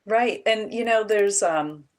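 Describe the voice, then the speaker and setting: A woman who teaches high school English, telling classroom stories in a casual, animated way and acting out what her students said. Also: slow. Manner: animated storytelling, acts out students' quotes. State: emotional, near tears. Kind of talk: casual chat.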